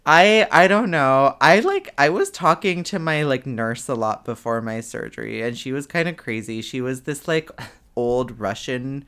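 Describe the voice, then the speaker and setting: Woman co-host, smooth clear voice, casual chat, hesitant rambler with fillers and restarts. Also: extremely low pitch, animated, moderate pace, fairly bright tone. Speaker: podcast co-host.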